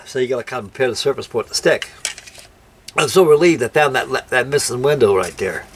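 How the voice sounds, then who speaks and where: His voice is mid-range and fairly bright, with big pitch swings at a normal speed, over a little hiss or hum. Building a scale model, the older man rambles through homespun stories that aren't always grammatical.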